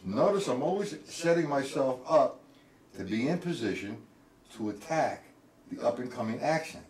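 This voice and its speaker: A man's voice: mid-range voice, lively intonation, moderate pace, darkish tone. A man teaching a live-streamed drum lesson, counting strokes aloud as he plays and calling on viewers by name. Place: indoor room, live stream. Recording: roomy, distant mic with clear noise.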